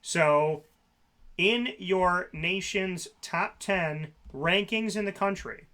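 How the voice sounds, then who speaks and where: Sarcastic, bright-voiced man ranting on football. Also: high voice, takes it slowly. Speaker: sports talk co-host. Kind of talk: casual sports talk.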